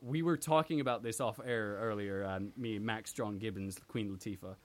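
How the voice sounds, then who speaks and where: A man's voice: lowish voice, normal speed. A man co-hosting a podcast in casual chat, rambling through anecdotes with dry asides. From abroad, came to the UK at sixteen. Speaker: podcast co-host.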